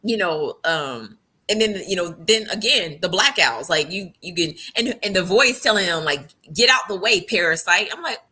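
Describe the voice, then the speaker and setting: A woman with a bright, sharp voice chats casually as a co-host reviewing a show. She talks animatedly, laughing often and leaning on fillers. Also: lowish voice, expressive, moderate pace, few pauses, husky. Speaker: podcast co-host. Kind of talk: casual chat.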